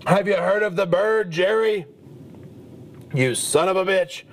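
A man playing a gruff, hot-tempered middle-aged brawler who hosts a podcast, talking with crude, profane macho bluster. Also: high-pitched, unhurried. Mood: furious. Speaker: comedy podcast host in character. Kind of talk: comedic character monologue.

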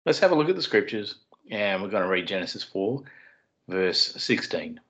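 A man's voice: on the low side, sing-song, moderate pace, a bit bright. A man co-hosting a podcast, explaining scripture in a casual way with dry little puns. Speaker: podcast co-host. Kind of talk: casual chat and Bible teaching. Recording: dull lo-fi sound.

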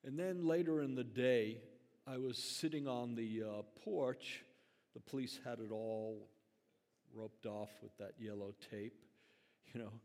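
A man's voice: fairly low pitch, a little mellow. An older man, a grandfather and pastor, telling a story in a conversational, earnest sermon full of fillers. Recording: long hall reverb.

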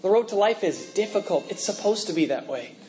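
A man's voice: high-pitched, expressive, brisk, faint music behind, poor audio. A young man preaching a conversational sermon, full of rhetorical questions and laughing asides, with a mixed accent. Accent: mixed, from working in a multinational office.

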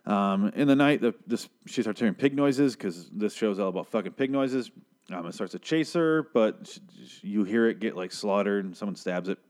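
A man's voice: on the low side, animated, normal speed, a little mellow. A man giving a casual, rambling episode recap, profane and opinionated, swearing freely. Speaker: TV show recapper.

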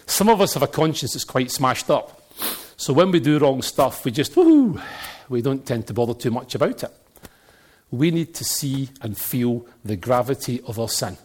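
A middle-aged man with a Glaswegian accent preaching a sermon, telling animated stories and jokes and now and then breaking into shouts. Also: mid-range voice, moderate pace.

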